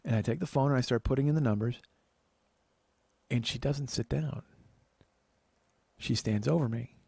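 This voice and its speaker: A man, a comedian and podcast host, telling a story in an animated, exasperated way with profane asides. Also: medium pitch, normal speed, vocal fry, breathy edge, no echo. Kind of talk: comic storytelling.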